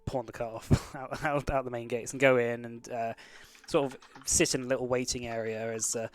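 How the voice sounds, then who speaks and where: Guy running a tabletop game, mid pitch, lots of uhs and sort-ofs. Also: level tone, moderate pace. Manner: rambling, full of fillers and restarts. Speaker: game master.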